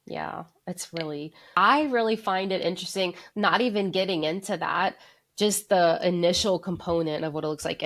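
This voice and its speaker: A woman hosting a podcast in casual chat, sounding stuffy and congested from a cold, talking loosely with lots of fillers. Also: sits low. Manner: loose and rambling, many fillers. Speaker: podcast co-host.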